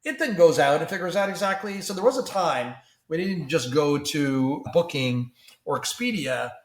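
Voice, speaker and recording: A man from Canada, a tech company CEO guest on a podcast, talking in an animated, conversational way with frequent restarts and repeated words. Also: fairly high pitch, moderate pace, reverberant.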